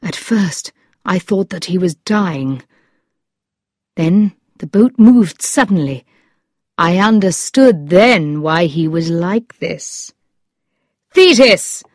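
A woman reading a story aloud in a calm, measured, plain narration style. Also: fairly low pitch, dry recording, studio quality. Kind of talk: slow, clear audiobook narration.

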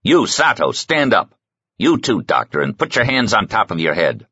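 A man doing a gruff, impatient kidnapper chief who barks orders and threats in a low, husky voice. The audiobook sound is dry and a little dull. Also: huge pitch swings, moderate pace, bright, forceful tone, dry recording, heavily acted. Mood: menacing.

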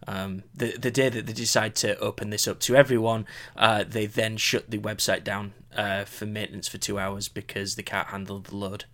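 A man co-hosting a casual chat podcast, rambling and halting with many restarts. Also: fairly low pitch, flat delivery, a bit bright. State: recovering from illness. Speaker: podcast co-host.

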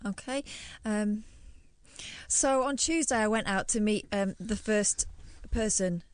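A woman's voice: medium pitch, slow, dry recording. A woman co-hosting late-night radio, chatty and teasing. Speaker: radio co-host. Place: radio studio. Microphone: studio microphone.

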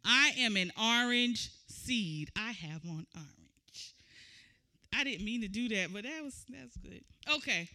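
A woman preaching. Her voice sits high and sounds piercingly bright. She moves from easy conversational teaching to loud, shouted exhortation. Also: animated, unhurried. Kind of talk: sermon.

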